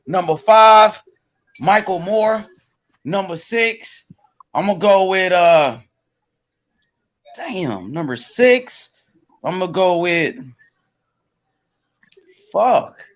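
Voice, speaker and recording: A man with a notably high speaking voice hosts a casual live boxing commentary stream. He works through his picks out loud, stalling on fillers and starting over when he changes his mind. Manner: thinks aloud with many fillers and restarts. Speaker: host of a live boxing show.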